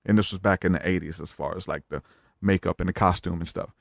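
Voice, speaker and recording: A man's voice: low-pitched, steady tone, fast, creaky, no echo, studio quality. A man as a podcast guest, retelling a story in a rambling casual way with many fillers.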